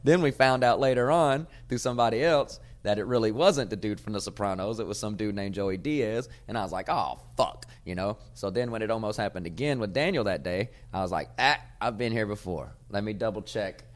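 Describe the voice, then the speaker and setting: A man, a comedian hosting his podcast, telling a casual, profane story and getting loud when he acts out old arguments. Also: on the low side, brisk, few pauses. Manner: profane, animated storyteller who gets loud acting out arguments.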